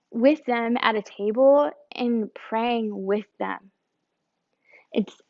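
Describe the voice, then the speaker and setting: A woman's voice: a little high, no echo. A woman from the United States speaking as a church speaker in an informal teaching talk, conversational, and explaining with a drawn picture and acted examples. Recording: slightly dull lo-fi recording.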